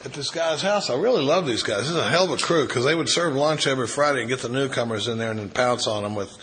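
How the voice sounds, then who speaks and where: A middle-aged man speaks at a recovery retreat with a bright, forceful voice at an ordinary pitch. He is an animated storyteller who acts out conversations and often restarts his sentences. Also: fast, poor audio. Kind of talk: recovery meeting talk, storytelling. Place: retreat meeting room.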